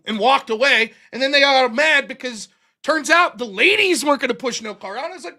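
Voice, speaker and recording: A man's voice: very high voice, a little fast. A middle-aged American man hosting a livestream, telling stories casually with lots of swearing and laughter. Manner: profane, animated, laughs often. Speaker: livestream host. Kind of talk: casual storytelling.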